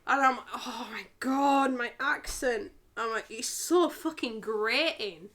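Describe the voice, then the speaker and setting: A woman's voice: fairly high pitch, slow, a bit bright. Laughing, swearing Yorkshire woman. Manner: laughs often, swears freely. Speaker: stream guest. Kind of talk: casual chat.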